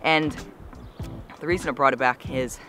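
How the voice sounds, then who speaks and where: A man's voice: medium pitch, fairly even intonation, normal speed, over music. A young man vlogging to camera outdoors, slightly out of breath, chatting in a rambling, casual way with lots of fillers. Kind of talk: casual vlog talk to camera.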